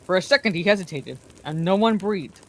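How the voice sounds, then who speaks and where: A woman narrating a fantasy novel aloud as a bedtime story, in a calm, even manner. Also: on the low side, fairly quick.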